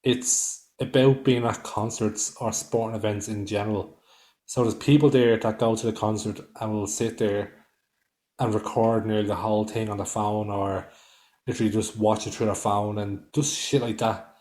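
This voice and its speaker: A man's voice: on the low side, flat delivery, moderate pace, a little mellow. A man with an Irish accent, co-hosting a podcast in casual chat, blunt and swearing often. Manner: blunt, swears often, loses his thread. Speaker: podcast co-host.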